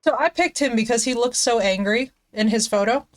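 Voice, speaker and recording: A playful, chatty woman talking to her stream viewers and cooing at her dog. Her voice sits a little high, and she speaks into a headset mic. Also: fairly quick. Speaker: game streamer. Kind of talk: casual live-stream chat.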